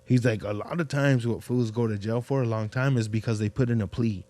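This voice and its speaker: A man's voice: medium pitch, steady tone, fairly quick, warm tone, no echo. A man hosting a podcast, telling stories in slangy, profane casual chat full of fillers. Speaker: podcast host.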